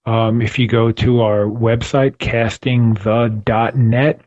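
A man's voice: medium pitch, flat delivery, slow, a little mellow. A man speaks with earnest, preacherly conviction, building emphasis by repeating his phrases. His voice sits in a middle register. The recording is dull and lo-fi. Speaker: podcast host. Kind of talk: faith podcast conversation.

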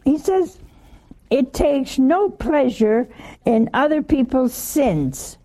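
An older woman gives a homey, informal sermon at an unhurried pace. Her voice is gravelly and mellow, and she keeps asking her listeners questions and laughing along with them. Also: high-pitched, animated. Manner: chatty, asks the listeners questions, laughs often. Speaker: religious teacher.

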